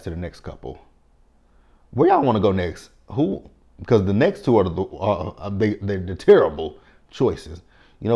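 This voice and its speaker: A man hosting a casual recap, chatty and quick to laugh, swearing freely. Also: sits low, gravelly, dark tone, muffled recording. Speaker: recap host.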